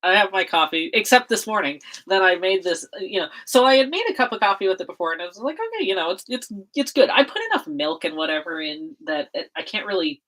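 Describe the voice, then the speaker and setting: A woman's voice: fairly low pitch, lively intonation, fast talker, few pauses, a bit bright, low-quality recording. A woman chatting casually on a livestream while she makes a zine, rambling with frequent laughs and self-corrections.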